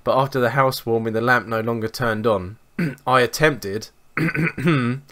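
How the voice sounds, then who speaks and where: A young man, co-hosting a podcast and telling sweary, animated anecdotes in casual chat. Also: medium pitch, measured pace. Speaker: podcast co-host.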